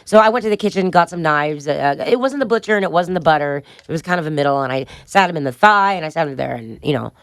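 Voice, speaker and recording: A woman's voice: low-pitched, animated, fast talker, hardly any pauses, no echo, studio quality. A middle-aged woman as a podcast guest, telling a wild story bluntly and profanely, laughing along as she goes. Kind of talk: candid storytelling interview.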